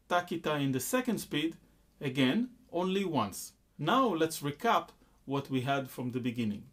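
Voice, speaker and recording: A man teaching a rhythm lesson at an unhurried pace. His voice rises and falls a lot as he explains, and he stops often to chant the syllables out loud. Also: a little high. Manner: slow, patient explaining, breaking into chanted syllables and claps. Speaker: music teacher.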